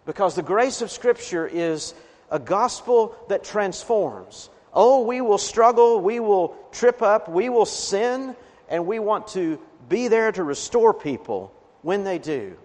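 A pastor delivers a sermon, earnest and pressing hard on key words. His voice sits on the high side for a man. The sound carries a long reverberant tail, as in a church sanctuary. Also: lively intonation, slow, darkish tone. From Appalachian region of the US. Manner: earnest preaching, emphatic swells on key words. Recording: reverberant hall.

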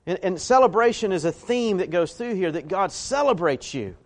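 A man preaching from the pulpit in a slightly high voice. His delivery is folksy and conversational. He drops to quiet asides, then climbs into emphatic peaks. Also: very animated, moderate pace, few pauses. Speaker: pastor. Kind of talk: sermon.

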